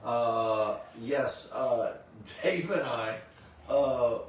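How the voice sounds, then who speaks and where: A man's voice: mid-range voice, drawn-out words, heavy reverb, far from the mic, a little hiss or hum. A tired man hosting a casual chat, rambling with many fillers and restarts. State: tired, yawning. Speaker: host of a convention recap stream.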